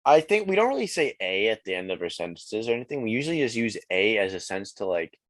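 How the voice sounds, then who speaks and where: A man's voice: on the low side, big pitch swings, quick pace, dry recording. A teenage man from Quebec, a guest rapper, chatting casually and filling his talk with "like" and "man". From Quebec, Canada. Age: teens. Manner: laid-back, many "like" and "man" fillers. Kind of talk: casual chat.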